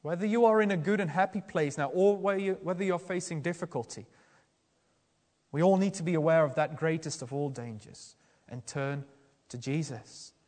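A man's voice: a little high, normal speed, darkish tone, in a large hall. A man preaching a sermon in an earnest, questioning way, often restarting his sentences.

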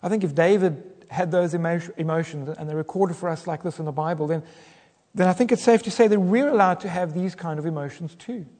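A man's voice: high voice, a little fast, dark tone. A man preaching a sermon, dramatic in delivery and rising to fervent cries when he quotes prayers. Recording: long reverb of a hall.

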